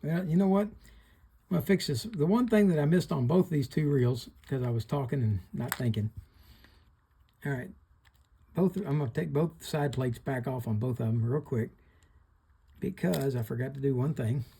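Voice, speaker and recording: A man's voice: mid-range voice, normal speed, vocal fry, long pauses, warm tone, slight background noise. A middle-aged man hosting a hands-on repair tutorial, plain-spoken, talking through each step while he works. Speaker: fishing reel repairer hosting a channel.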